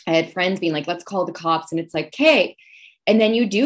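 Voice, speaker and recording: A woman's voice: fairly low pitch, very animated, fairly quick. A woman podcast host talking earnestly and with feeling, often giving small affirming murmurs. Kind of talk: emotional conversational interview.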